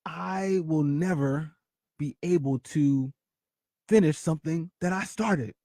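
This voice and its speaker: A man hosting a talk show, telling a personal story with dramatic swings between loud excitement and hushed confession. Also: on the high side, slow pace, no room sound, clean studio sound. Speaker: podcast host.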